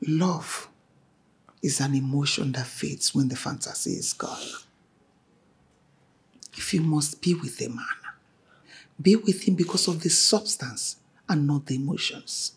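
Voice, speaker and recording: A woman's voice: sits low, a little slow, gravelly, pauses often, slightly rough, exaggerated voice. A woman playing a stern, domineering mother. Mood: lecturing. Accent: Nigerian. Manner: stern, lecturing, formal. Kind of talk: Nollywood drama acting.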